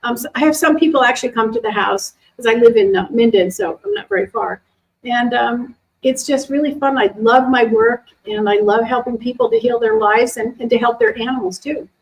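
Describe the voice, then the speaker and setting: A middle-aged woman, an animal communicator, chatting casually to a live audience and answering questions in a lively, animated way. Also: a little high, a little fast, rough recording. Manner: chatty, animated, acts out quoted voices. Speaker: animal communicator and intuition teacher.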